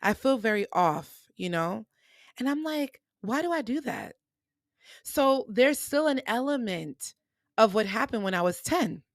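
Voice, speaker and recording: A young adult woman hosting a podcast and telling personal stories in a lively way, acting out what people said to her. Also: a little high, a little slow, no echo. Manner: animated, acts out quoted dialogue. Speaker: podcast host. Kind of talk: personal storytelling monologue.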